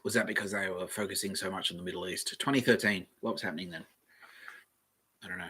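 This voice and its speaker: A man hosting a casual solo podcast, reading aloud from the web and thinking out loud in a rambling way, with the odd swear. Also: deep voice, fairly even intonation, fast talker, husky. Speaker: podcast host.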